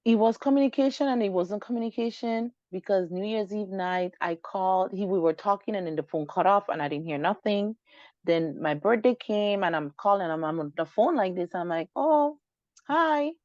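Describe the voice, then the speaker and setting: Speaking a little fast at medium pitch, an interview guest animatedly recounts something that happened to her, voicing the dialogue as she goes. The recording is dull, lo-fi and dry, with no echo.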